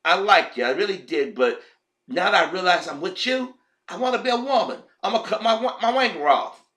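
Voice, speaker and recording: A man's voice: high-pitched, lively intonation, brisk, sharp tone, echoey room, voice pushed up. A man putting on a taunting fake British young man. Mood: mocking. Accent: mock British.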